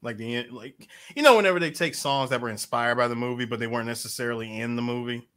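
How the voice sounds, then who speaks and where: A man co-hosting a podcast in casual chat, lively and quick to disagree. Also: medium pitch. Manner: argumentative, lively. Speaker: podcast co-host.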